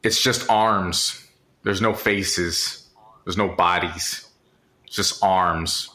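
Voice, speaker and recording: Male podcast co-host, low voice with a bright edge, relaxed drawling chat. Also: drawn-out words. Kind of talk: casual comedic podcast chat.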